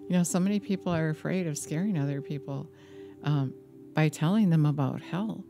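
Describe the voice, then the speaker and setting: A woman minister giving an earnest personal testimony sermon, slow and deliberate, with a warning tone. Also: deep voice, vocal fry, mellow. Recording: music playing behind the voice.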